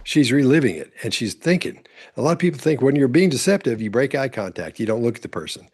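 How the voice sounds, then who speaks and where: A man's voice: mid-range voice, sing-song, fast talker, a little mellow, husky. A man commenting on courtroom testimony as a body language analyst, explaining in an instructive way. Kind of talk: commentary over courtroom clips.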